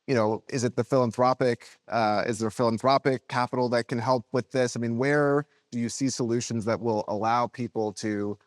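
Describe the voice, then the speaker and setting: A man moderating a panel, halting and apologetic as he rephrases a question. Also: medium pitch, steady tone, dry recording, clean studio sound. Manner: halting and apologetic, with many restarts. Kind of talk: panel discussion.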